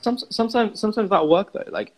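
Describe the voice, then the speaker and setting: A man with a husky voice co-hosts a podcast, thinking aloud in casual chat. He hedges and restarts as he works through his ideas. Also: high-pitched, brisk, low-quality recording. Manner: thoughtful, hedging with fillers. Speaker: podcast co-host.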